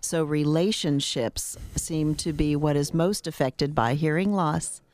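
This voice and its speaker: A woman's voice: low-pitched, measured pace, a little mellow, no room sound. Hearing specialist woman on a radio show. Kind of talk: radio interview guest. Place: radio studio.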